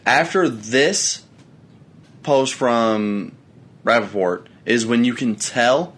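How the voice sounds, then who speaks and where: A man's voice: mid-range voice, slow pace, fairly bright tone. A young man co-hosting a podcast in casual, crude banter. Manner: crude, laid-back banter. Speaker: podcast co-host. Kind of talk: casual chat.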